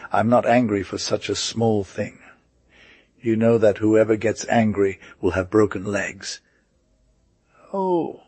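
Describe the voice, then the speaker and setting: A man narrates a folktale for an audiobook at an unhurried pace. His lowish voice has a husky edge, and the recording is close and dry, with no room around it. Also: a little mellow, no room sound. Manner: slow, measured reading with small slips.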